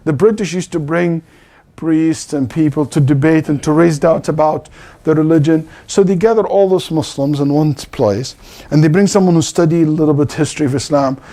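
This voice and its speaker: A man's voice: on the high side, normal speed, mellow. A middle-aged man giving a religious lecture as a teacher, telling stories with animation and acting out the quotes.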